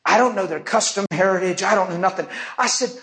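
A man's voice: high-pitched, fast talker, bright, forceful tone. A man preaching a testimony, telling a vivid story and acting out the people in it.

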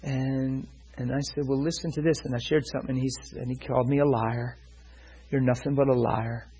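Husky-voiced man preaching a story. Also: medium pitch, fairly even intonation, fast talker, mellow, poor audio. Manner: retells a personal story, quoting both sides; asks listeners if they follow. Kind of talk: sermon storytelling.

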